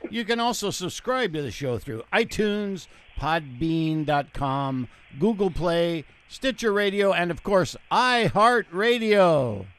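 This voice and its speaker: A man co-hosting a casual podcast, goofy and lively, reading the show announcements. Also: high voice, takes it slowly, hardly any pauses, clean tone. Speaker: podcast co-host. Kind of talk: casual chat.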